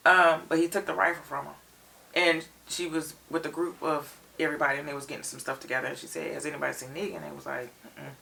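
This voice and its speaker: A woman tells an episode's story in lively detail, her voice bright and heavily gravelly. She sits a little back from the mic. The recording has a slightly distant feel. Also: low-pitched, quick pace. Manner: expressive storyteller, retells scenes in detail. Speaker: reaction show co-host. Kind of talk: animated episode recap.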